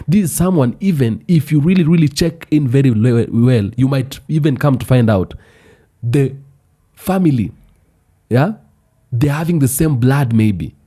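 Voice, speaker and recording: A man giving a spoken commentary monologue, deliberate and repetitive, built around rhetorical questions. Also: mid-range voice, mellow.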